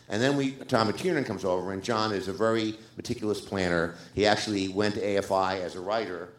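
An older man, a screenwriter, telling lively behind-the-scenes anecdotes on a theater stage and acting out the quotes. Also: on the low side, a little fast, hardly any pauses. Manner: animated storyteller, acts out quotes. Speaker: screenwriter guest. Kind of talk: live stage interview anecdote. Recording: roomy live theater sound.

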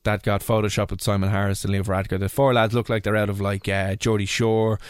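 A man's voice: on the low side, flat delivery, quick pace, smooth, no echo, clean studio sound. A young man hosting a radio show, chatting casually and teasing his co-host with jokes. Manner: teasing, jokey, puts on silly voices.

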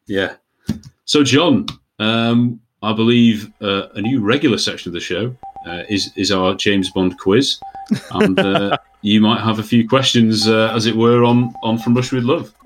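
A man's voice: lowish voice, a little slow. A man co-hosting a film podcast, chatting casually and self-deprecatingly and laughing often. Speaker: podcast co-host.

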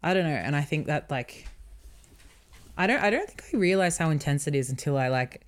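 A young woman with an Australian accent and a low voice chats frankly on a podcast. She swears freely and laughs often. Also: animated, brisk. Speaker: podcast co-host. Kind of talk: casual chat.

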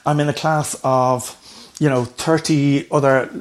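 A middle-aged man telling his life story candidly in an interview, animated and swearing freely. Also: medium pitch, measured pace. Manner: animated, swears freely, acts out voices in anecdotes. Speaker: guest.

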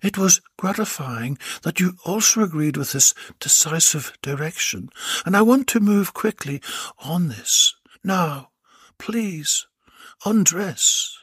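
A man's voice: on the high side, expressive, takes it slowly, fairly bright tone, slightly rough, no room sound, studio quality, voice pushed up, full character voice. A man voicing a commanding, seductive woman doctor in an audiobook reading, in a coaxing, theatrical manner.

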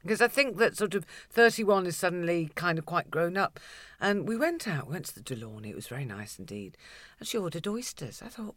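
A woman's voice: lowish voice, very animated, fairly quick, a bit bright. A middle-aged woman co-hosting a podcast, telling family stories in casual chat, laughing often and swearing freely. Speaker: podcast co-host.

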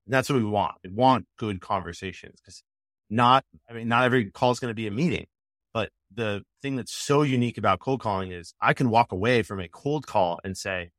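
A man answering interview questions about cold calling, energetic, slipping into quoted call snippets. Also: mid-range voice, dry recording, studio quality. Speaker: sales expert guest.

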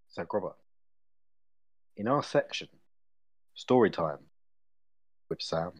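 A man's voice: low-pitched, expressive, slow, long pauses. A man in his twenties co-hosting a casual podcast, laughing as he reads out a list. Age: 20s. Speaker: podcast co-host. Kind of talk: casual chat.

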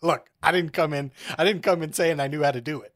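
A man's voice: fairly high pitch, fast, fairly bright tone. A man from Canada co-hosting a podcast in casual chat, with dry, wry remarks. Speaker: podcast co-host.

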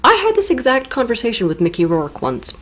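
A woman co-hosts a casual literature podcast, retelling a novel and cracking playful, teasing jokes in a relaxed literary recap chat. Her fairly high voice is a bit bright, with huge pitch swings, and she talks a little fast.

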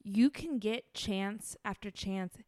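A woman's voice: mid-range voice, slow pace, a little mellow, dry recording. A woman co-hosting a podcast, chiming in casually with agreement and the odd curse. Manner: agreeable, frequent backchannel yeahs, swears. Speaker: podcast co-host. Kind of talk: casual gossip chat.

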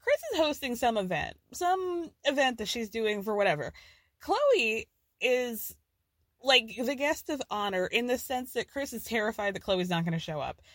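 Woman podcast host, bright higher voice, chatty profane gossip recap, dry close sound. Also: big pitch swings, normal speed, no room sound. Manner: chatty, profane, laughs often. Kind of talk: casual pop culture recap.

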